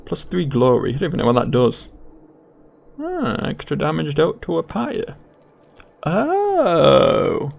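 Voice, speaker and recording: A man's voice: on the high side, wildly swooping pitch, takes it slowly, vocal fry. A man reading game text aloud with playful asides while he plays. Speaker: gaming YouTuber. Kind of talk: game narration and commentary.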